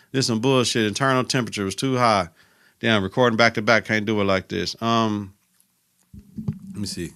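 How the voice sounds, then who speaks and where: A man's voice: lowish voice, a bit bright. A man hosting a podcast, retelling a TV episode in a casual, profane, slang-filled way. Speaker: podcast host.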